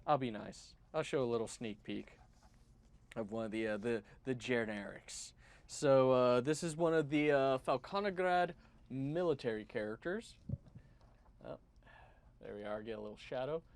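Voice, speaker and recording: A man's voice: mid-range voice, normal speed, gravelly. A man who runs tabletop games, chatting casually and enthusiastically on a stream, with plenty of restarts. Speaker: game master.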